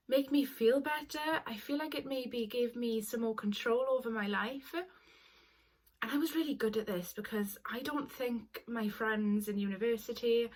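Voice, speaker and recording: A young woman in her twenties telling a personal story to camera, earnest and apologetic, tearful at times. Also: medium pitch. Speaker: vlogger.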